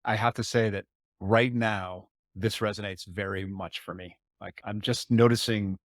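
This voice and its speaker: A man's voice: on the low side, no echo, clean studio sound. A man hosting a podcast interview, reflecting aloud and asking his guest questions. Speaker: podcast host.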